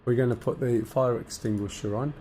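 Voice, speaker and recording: In a live-stream chat, a Black Country man from the Midlands explains cockpit start-up steps while bantering with his viewers. His medium-pitched voice is mellow and steady, and he moves at a brisk clip. A faint hiss or hum sits in the recording.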